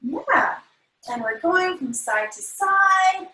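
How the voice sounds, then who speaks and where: A woman's voice: extremely high pitch, expressive, slow pace, bright, forceful tone. A woman instructor leading a family yoga class, playful and encouraging with sing-song cues. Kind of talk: guided kids' yoga class. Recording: echoey room, voice from a distance.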